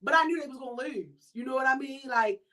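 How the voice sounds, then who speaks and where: A woman with a Baltimore accent hosting a podcast in casual chat, telling stories in a chatty, animated way with quoted asides. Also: sits high, fast. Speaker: podcast host.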